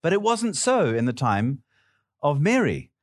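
Playful, lively-voiced male pastor. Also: a little high, unhurried. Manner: playful, bantering with the congregation. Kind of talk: sermon.

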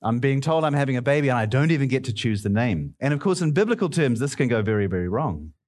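A man's voice: mid-range voice, big pitch swings, fast talker, a little mellow. A middle-aged male pastor preaching a sermon, playfully bantering with his congregation.

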